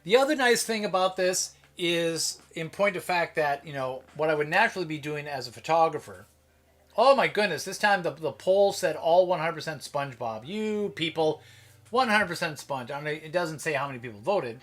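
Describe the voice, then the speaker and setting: Rambling chatty man, slightly high voice. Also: animated, normal speed, a bit bright. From Minnesota. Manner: rambling, self-interrupting, chatty. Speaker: live streamer. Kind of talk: casual live-stream commentary.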